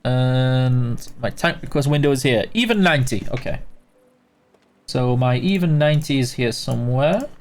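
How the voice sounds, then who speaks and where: This livestream host is a man with a medium-pitched voice, lively intonation, and normal pacing, with faint music playing behind him. Tired and yawning as he plays, he reads out questions from chat and tosses off casual answers full of filler words.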